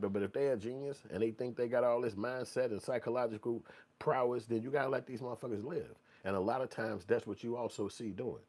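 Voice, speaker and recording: A man hosting a commentary show, ranting bluntly and profanely and mocking people in put-on voices. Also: medium pitch. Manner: blunt, animated, swings into mocking quoted voices.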